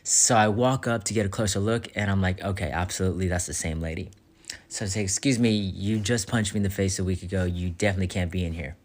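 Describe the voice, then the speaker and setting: Low-voiced man telling a bar story. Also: fairly even intonation, fast. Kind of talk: casual storytelling.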